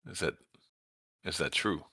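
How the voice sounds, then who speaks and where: Bright-toned man at a game table. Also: deep voice, a little slow, slightly rough, no echo. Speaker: player. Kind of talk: casual tabletop game chat.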